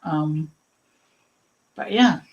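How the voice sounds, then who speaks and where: This is a woman teaching painting on a casual live stream, her voice sitting a touch lower than most. She chats loosely, filling gaps with ums and likes and wandering into small asides. Her tone stays encouraging throughout. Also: extremely slow, vocal fry, a little mellow, dull audio. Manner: chatty and rambling, with many fillers and asides; reassuring, encouraging. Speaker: painting instructor.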